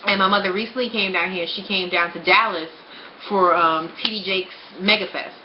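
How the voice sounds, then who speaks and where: A woman's voice: fairly low pitch, fairly even intonation, normal speed, noisy background. A young woman talking frankly and bluntly in a casual personal vlog, swearing freely. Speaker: vlogger. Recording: roomy, slightly dull home recording.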